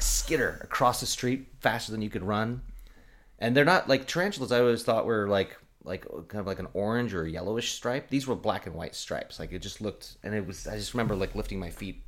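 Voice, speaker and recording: Low-voiced man telling lively stories. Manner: animated storyteller, laughs often, acts out quotes. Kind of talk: casual chat.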